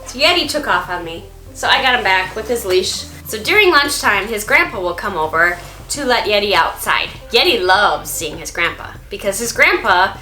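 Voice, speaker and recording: A woman hosts a casual home vlog in an upbeat, chatty way. Her voice is bright and lively, rising and falling a lot. It sounds echoey, with faint music underneath. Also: medium pitch, moderate pace, few pauses. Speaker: vlog host and dog owner. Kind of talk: casual vlog narration to camera.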